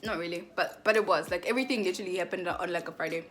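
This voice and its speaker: A woman's voice: fairly low pitch, very fast, a bit bright. A young woman from Southern Africa telling a rambling storytime in casual slang, with lots of "like". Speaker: vlogger.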